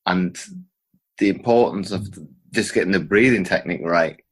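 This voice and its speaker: A man hosting a podcast interview, talking in a halting way with many restarts and repeated words. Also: sits low, breathy edge. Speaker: podcast host. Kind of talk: conversational interview.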